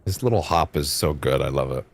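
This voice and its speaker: A man's voice: extremely low pitch, lively intonation, fairly quick. A man streaming a game, giving rambling, self-interrupting casual commentary and swearing freely. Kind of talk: casual let's-play commentary.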